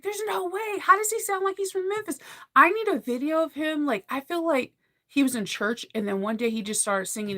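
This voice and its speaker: Animated, gushing woman chatting casually. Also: sits high. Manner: animated, gushing, laughs often. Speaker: vlogger. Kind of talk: casual chat to camera.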